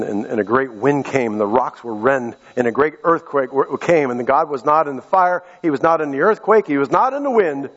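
A man preaching a sermon to his congregation as their pastor, swinging from loud, high exhortation down to soft, low tones. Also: big-room sound, lo-fi sound. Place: church sanctuary.

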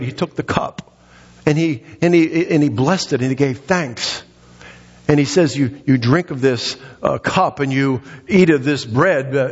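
A male pastor preaching a sermon, emphatic and repetitive, swinging his pitch up and down and short of breath. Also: breathy edge, long reverb tail, muffled recording. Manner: emphatic, repeats phrases, dramatic pitch swings. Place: church sanctuary.

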